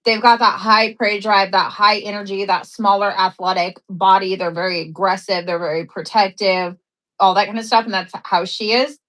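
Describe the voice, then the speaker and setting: A woman co-host in laid-back conversation. She talks freely and at length, relaxed and blunt in her delivery. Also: medium pitch, moderate pace, poor audio. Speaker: co-host and friend. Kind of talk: casual chat.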